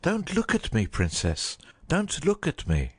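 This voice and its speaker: A man's voice: fairly high pitch, huge pitch swings, unhurried, husky, heavily acted. A man voicing a loyal, anguished huntsman in a dramatized audiobook, emotional and torn.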